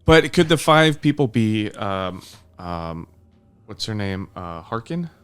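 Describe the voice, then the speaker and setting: A man's voice: lowish voice, sing-song, takes it slowly, clear, resonant tone. A man co-hosting a film review podcast in casual chat, laid-back and frank, often chuckling between his points. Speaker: podcast co-host.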